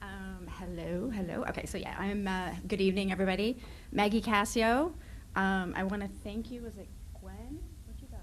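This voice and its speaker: A woman's voice: medium pitch, fairly even intonation, moderate pace, slight background noise, poor audio. A woman, a parent and activist, speaking earnestly in public comment at a school board meeting into a podium microphone. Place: meeting chamber.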